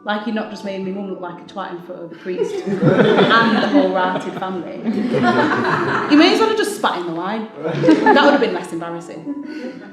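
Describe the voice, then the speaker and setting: A woman's voice: mid-range voice, normal speed. Woman in a wry one-woman stage monologue. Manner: wry, lively storytelling with laughs. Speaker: solo stage performer. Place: theatre stage. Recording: echoey theatre with faint music.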